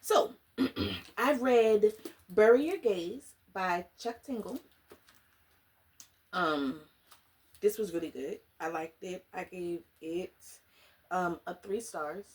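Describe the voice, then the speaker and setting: A woman chatting casually in a book review vlog, animated and slangy, dramatic and often laughing. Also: on the low side, slow pace, long pauses. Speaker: book vlogger.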